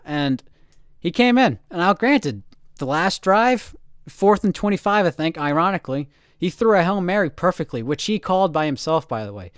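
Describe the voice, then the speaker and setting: Animated, smooth-voiced male podcast co-host. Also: sits high, moderate pace, dry recording, studio quality. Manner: animated storyteller, acts out quotes. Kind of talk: casual sports chat.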